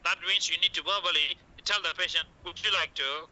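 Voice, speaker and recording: A man's voice: a little high, fairly quick, bright, forceful tone, muffled recording. A man teaching how to break bad news to patients. He talks in short coaching phrases, says "okay" again and again, and acts out the doctor's lines. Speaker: medical communication teacher. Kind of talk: classroom lecture.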